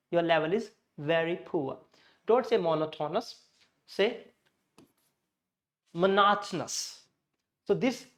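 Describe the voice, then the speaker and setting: Emphatic man with an Indian English accent. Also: high voice. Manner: emphatic, repeats words slowly to drill stress. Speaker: English pronunciation teacher. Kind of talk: spoken English lesson.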